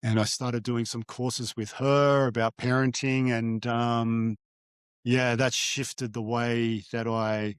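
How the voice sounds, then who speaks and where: A man's voice: medium pitch, level tone, smooth, dry recording. Reflective man, dry close sound. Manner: halting, with frequent fillers and restarts. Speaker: guest, divorced father. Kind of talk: reflective storytelling in an interview.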